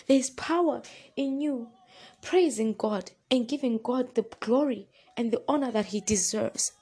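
Woman, preacher, earnest, fervent, repetitive, fairly high voice. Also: unhurried, breathy edge, low-quality recording. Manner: retells a story with lively acted quotes. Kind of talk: devotional exhortation.

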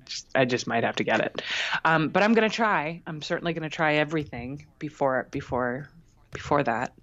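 A woman's voice: low voice, animated, normal speed, no room sound. A woman co-hosting a podcast, telling a story in a candid, self-mocking, chatty way. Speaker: podcast co-host. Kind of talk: casual chat. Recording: dry, slightly dull recording.

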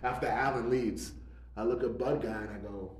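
A man's voice: medium pitch, fairly even intonation, normal speed, background noise. A man co-hosting a casual chat, telling profane stories and acting out rants. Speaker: podcast co-host. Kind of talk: casual bar-story chat. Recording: roomy, with faint ambience.

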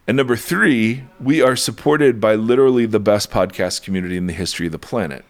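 A man's voice: fairly low pitch, fast talker. A man co-hosting a podcast in casual chat, playful and self-deprecating, rambling and worn out after a booster shot. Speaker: podcast co-host.

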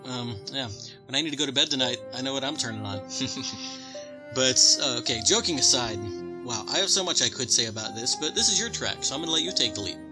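A man's voice: mid-range voice, lively intonation, fast, poor audio. A man co-hosting a casual podcast about game music, laid-back and joking, rambling with fillers. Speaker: podcast co-host.

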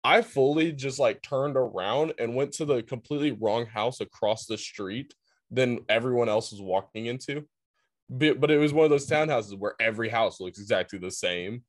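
A man co-hosting a podcast in casual chat, laid-back, laughing often and sometimes bursting into shouts. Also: medium pitch, normal speed, no room sound. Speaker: podcast co-host.

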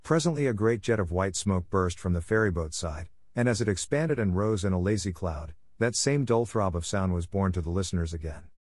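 A man narrating a classic novel in a measured, expressive storybook reading. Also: deep voice, no echo. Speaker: audiobook narrator.

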